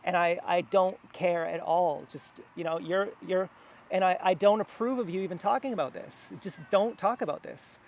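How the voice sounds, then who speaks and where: A man's voice: high-pitched, moderate pace. A man talking to camera in a rambling personal monologue, meandering, with many fillers and restarts. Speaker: vlogger. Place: outdoors near a house.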